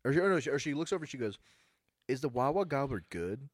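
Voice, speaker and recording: A young man, telling stories in a laid-back, deadpan way on a casual podcast. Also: medium pitch, quick pace, no room sound, studio quality. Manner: laid-back, deadpan storyteller who mimics angry customers. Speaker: podcast co-host. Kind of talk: casual storytelling chat.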